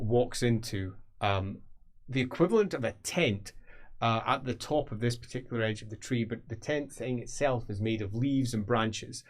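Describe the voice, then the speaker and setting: A man narrating as game master of a tabletop role-playing game, pausing often with ums as he describes the scene. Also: medium pitch. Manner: hesitant, with frequent ums while describing scenes.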